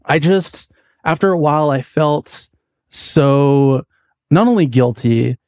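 A man's voice: a little high, slow pace, a little mellow, no room sound, clean studio sound. A young adult man from the United States, a podcast guest telling a long personal story in casual chat, full of likes and restarts. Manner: rambling, many likes and restarts.

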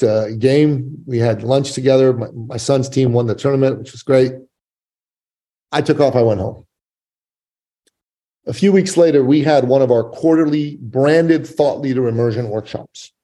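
Warm-voiced male storyteller, emphatic. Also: mid-range voice, moderate pace. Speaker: guest, business coach and author. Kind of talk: storytelling in a podcast interview.

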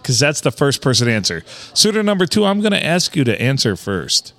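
A man's voice: mid-range voice, big pitch swings, brisk, fairly bright tone, faint music behind. A man co-hosting a podcast in casual chat, explaining the rules of a game. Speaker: podcast co-host.

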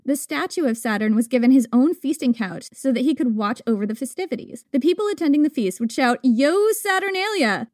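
A woman with a high voice co-hosts a history podcast. She narrates in a chatty, irreverent way. The sound is close and dry, with no room echo. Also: darkish tone. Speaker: podcast co-host.

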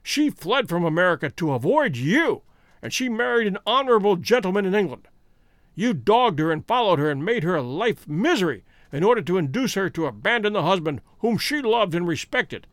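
A man voicing a calm, stern male detective who speaks in a measured, commanding way. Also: high voice, no echo.

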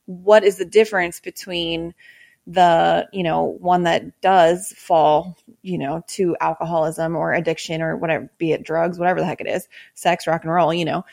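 A woman's voice: lowish voice, steady tone, normal speed, vocal fry, darkish tone, dry recording, studio quality. A woman hosting a podcast, talking in a casual, chatty way with many fillers. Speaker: podcast host. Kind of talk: casual chat.

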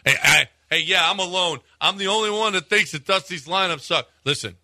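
A man's voice: sits high, brisk, sharp tone, no echo, studio quality. A man co-hosting a sports radio show, blunt and emphatic in his opinions. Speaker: radio co-host. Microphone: studio microphone.

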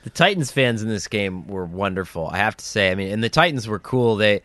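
A man's voice: fairly low pitch, animated, a little fast, a bit bright, no echo. A man co-hosting a sports podcast, telling rambling stories in casual chat and laughing as he talks. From US Northeast. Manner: rambling storyteller, laughs mid-sentence. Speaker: podcast co-host.

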